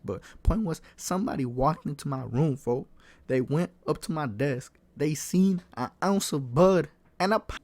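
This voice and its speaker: A young man in a casual storytime vlog, slangy and animated, swearing often and calling the listener folk and bro. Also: mid-range voice, no room sound. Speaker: vlogger.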